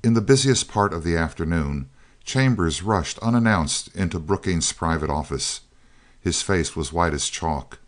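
A man narrating an audiobook in a steady, measured reading style. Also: sits low. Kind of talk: scripted narration of a science-fiction novel.

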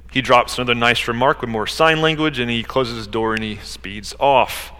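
A man's voice: medium pitch, normal speed, few pauses, pushed and bright, big-room sound. A middle-aged male pastor preaching a sermon, with rising emphasis and rhetorical questions.

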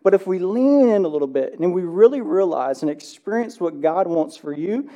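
A pastor preaching a sermon in a church. He tells stories with lively acted-out dialogue and drops to a hushed, slow voice in prayer. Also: sits high, highs cut off. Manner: animated storytelling, acts out movie dialogue. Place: church sanctuary.

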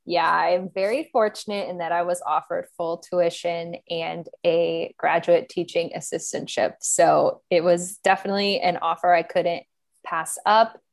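A woman's voice: fairly low pitch, level tone, measured pace, gravelly. A young woman hosting a podcast in casual chat, cheerful and playful, laughing often, recorded over a remote call. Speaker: podcast host.

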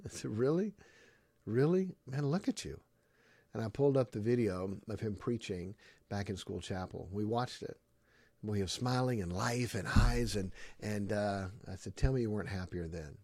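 Male pastor, low voice, emphatic sermon delivery with repeated lines and filler ums; dry, close recording. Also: moderate pace, no room sound. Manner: emphatic, repeats key phrases, swings between loud and hushed; frequent ums and uhs between phrases.

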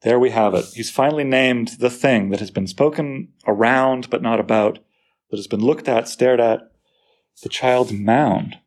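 A man lecturing on a poem, lively and full of rhetorical questions to his listeners. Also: medium pitch, measured pace. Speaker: literature teacher.

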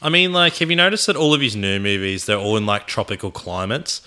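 A man chatting on a podcast, tossing out quick questions and theories. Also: on the low side, clear, resonant tone. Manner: quick, questioning, bright delivery. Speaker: podcast co-host. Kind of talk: casual banter.

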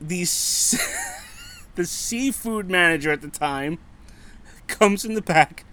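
A man's voice: high-pitched, sing-song, takes it slowly, bright, forceful tone. A man in his thirties co-hosting a casual podcast, telling a story with lots of laughter, swearing and acted-out quotes. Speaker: podcast co-host.

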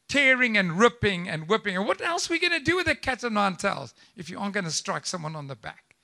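A man preaching a live church sermon, animated and conversational, with frequent asides and rhetorical questions to the congregation. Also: high voice, normal speed. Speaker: pastor. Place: church service.

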